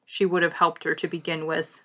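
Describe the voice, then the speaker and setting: Speaking fairly quickly in a low voice, this woman co-hosts a podcast, animatedly discussing a cartoon in a conversational way and laughing frequently.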